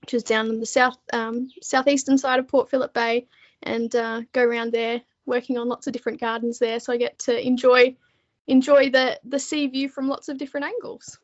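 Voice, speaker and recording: A woman's voice: fairly high pitch, flat delivery, brisk, muffled recording. An Australian woman, a podcast guest, chatting casually with frequent laughs and ums. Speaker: podcast guest, book editor. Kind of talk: casual interview chat.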